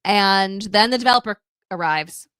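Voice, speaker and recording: Animated woman recapping a movie, dry close mic. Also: medium pitch, moderate pace, clean tone, dry recording. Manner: animated storytelling, acts out character quotes, frequent laughs and fillers. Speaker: podcast co-host. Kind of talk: casual movie recap chat.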